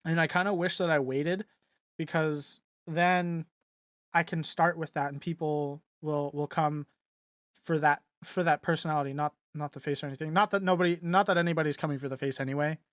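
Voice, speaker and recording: A man's voice: a little high, fairly even intonation, a little fast, dry recording, clean studio sound. A young man co-hosting a podcast and chatting casually, rambling with lots of fillers. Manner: rambling, filler-heavy, laughs easily. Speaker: podcast co-host and streamer. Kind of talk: casual chat.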